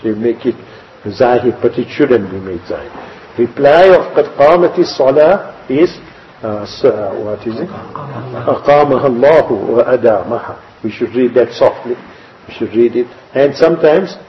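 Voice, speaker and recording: A man's voice: medium pitch, slight background noise. A man giving religious instruction, explaining step by step and chanting example phrases aloud. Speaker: religious teacher. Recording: dull lo-fi recording.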